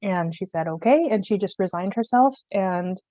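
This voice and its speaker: Panelist, woman, lively slangy storyteller, dry close sound. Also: medium pitch, moderate pace, no room sound. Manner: animated, slangy, jokey retelling with voices. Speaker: mythology panelist. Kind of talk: casual storytelling.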